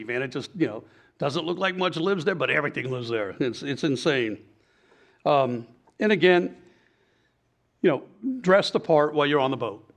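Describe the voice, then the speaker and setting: Middle-aged guy, fishing guide, blunt folksy talk, bit high voice. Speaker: professional fishing guide giving advice. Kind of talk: casual advice talk with anecdotes.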